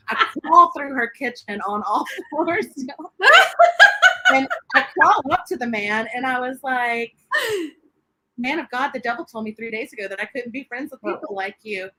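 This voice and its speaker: A woman, a guest sharing her faith testimony in an interview, animated and quick to laugh as she acts out what people said. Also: a little high, low-quality recording. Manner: animated storyteller, laughs often, acts out quotes.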